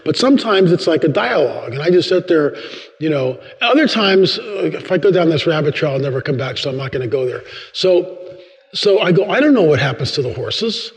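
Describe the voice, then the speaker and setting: In a church sanctuary, an older guest speaker tells stories briskly during a sermon, animating each character's dialogue with large pitch leaps. His voice carries the long reverb of the church hall.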